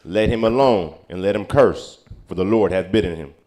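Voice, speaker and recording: A man reading old-style Bible verses aloud at a steady pace, now and then stumbling over a word. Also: low-pitched, normal speed. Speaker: scripture reader.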